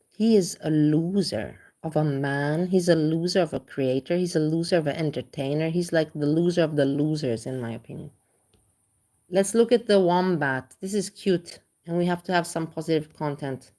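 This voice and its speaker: Woman streamer, lower voice, blunt and crude, chats to her viewers by name. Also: normal speed, mellow. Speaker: livestream host reacting to videos. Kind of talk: casual livestream chat.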